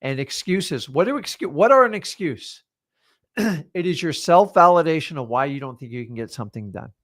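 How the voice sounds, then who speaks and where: Middle-aged man, blunt motivational coach, punchy delivery, slightly high voice. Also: lively intonation, normal speed, fairly bright tone, dry recording, studio quality. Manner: blunt, punchy, swears casually. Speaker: real estate wholesaling coach. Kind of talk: motivational masterclass talk.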